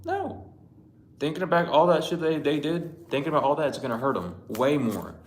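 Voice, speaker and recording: The voice is fairly high for a man, swinging widely in pitch and moving a little fast. He's a tarot reader doing an easygoing spiritual reading, cursing often, rambling and speaking plainly, with echo from the room around him.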